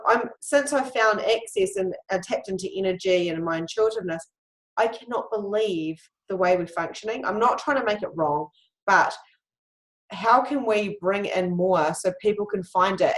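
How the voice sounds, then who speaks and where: A woman host talks openly and confidingly in a casual interview, telling personal stories at an ordinary middle pitch. Her voice carries a noticeable room echo, as if she is recording in a bare, reflective space. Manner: open, confiding, storytelling. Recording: echoey room.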